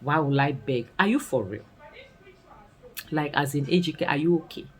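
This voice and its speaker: Low-voiced Nigerian woman recapping a series. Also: moderate pace, low-quality recording. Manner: expressive, scolding rhetorical questions. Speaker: series reviewer. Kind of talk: casual recap and commentary.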